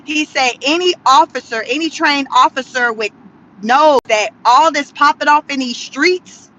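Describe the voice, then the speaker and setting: A woman vlogging from inside a car, giving sassy, animated commentary and laughing often. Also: high-pitched, measured pace, dull audio. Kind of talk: casual commentary vlog.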